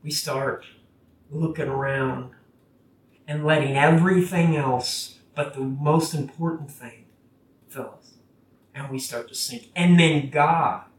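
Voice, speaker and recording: A preacher giving a casual, conversational sermon that gets animated when quoting scripture. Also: medium pitch. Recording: roomy, from a distance.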